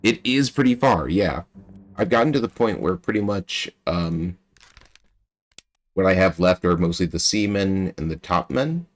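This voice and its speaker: A man streaming a mystery game, thinking aloud and chatting with his viewers in a relaxed way. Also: sits low, unhurried. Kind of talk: casual gameplay commentary.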